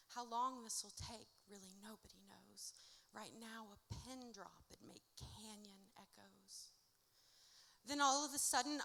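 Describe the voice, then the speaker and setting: A woman performing her own spoken-word poetry at a live event, with a rhythmic, dramatic delivery that swings from hushed to loud. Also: on the high side, a little slow. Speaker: author reading her own work. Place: indoor music venue at a live event. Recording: reverberant live venue recording.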